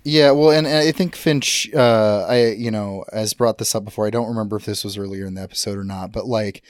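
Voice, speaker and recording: A man co-hosting a casual podcast chat, talking in a rambling, halting way with many fillers. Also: lowish voice, no echo, clean studio sound. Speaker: podcast co-host.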